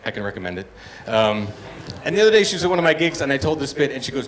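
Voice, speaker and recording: 50s guy doing stand-up in a bar, pitch jumps all over, noisy live room with crowd laughs. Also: big pitch swings, very fast, hardly any pauses. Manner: storytelling, acts out voices, loud punchlines. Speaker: stand-up comedian. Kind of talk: stand-up comedy set. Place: comedy bar stage with live audience. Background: audience laughter and room noise.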